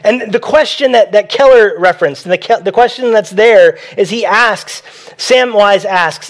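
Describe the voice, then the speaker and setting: High-voiced man preaching a sermon. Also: moderate pace. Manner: conversational preaching that repeats key phrases. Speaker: pastor.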